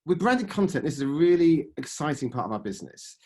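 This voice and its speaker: A man in his forties giving a business presentation on podcast advertising, pitching products with frequent fillers and sentences that trail off. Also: sing-song, fast talker, a little mellow. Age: 40s. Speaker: ad sales presenter.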